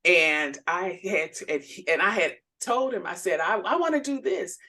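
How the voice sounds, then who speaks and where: A middle-aged woman co-hosting a casual faith chat, telling personal stories with laughs and animated quoted voices. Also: lowish voice, moderate pace. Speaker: podcast co-host.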